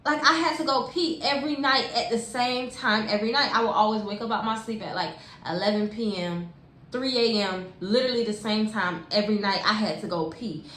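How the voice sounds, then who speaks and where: A young woman telling a personal story in a casual, animated way, using lots of slang and talking straight to her viewers. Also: medium pitch, brisk. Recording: echoey room with faint hiss.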